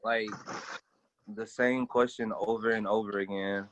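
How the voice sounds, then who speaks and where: A man's voice: lowish voice, steady tone, unhurried, fairly bright tone. A young adult man, joking around in a laid-back, slangy way as a guest in a casual chat over a video call. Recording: dull lo-fi video call audio.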